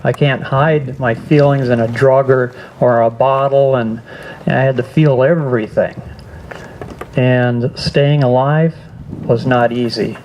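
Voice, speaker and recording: An older man giving a personal testimony speech at a school assembly, earnest and halting, often restarting his sentences. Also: medium pitch, fairly even intonation, muffled recording, slight background noise. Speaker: guest speaker.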